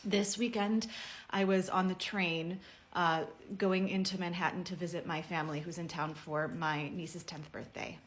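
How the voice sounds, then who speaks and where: Woman, lowish voice, earnest and measured, heartfelt personal message to camera. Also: steady tone, a little hiss or hum. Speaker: personal video speaker.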